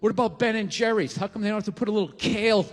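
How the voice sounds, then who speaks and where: A man in his forties doing a stand-up comedy routine on a live stage, ranting, swearing and often shouting. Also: sits high, very fast. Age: 40s. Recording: live show with reverb and crowd noise.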